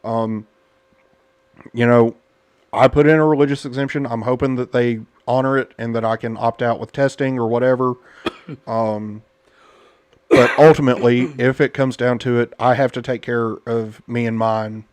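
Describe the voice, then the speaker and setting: With a mid-range voice, fairly even intonation, and a clean tone, this adult parent from the United States hosts a casual podcast on politics. He speaks at a moderate pace, bluntly and indignantly, with frequent fillers. The recording is dry.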